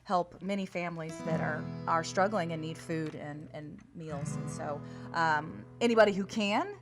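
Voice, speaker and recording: A woman musician talking softly between songs at a fundraiser, pausing often with fillers. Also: deep voice. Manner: soft-spoken, halting with fillers. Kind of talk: casual talk between songs. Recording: guitar music behind.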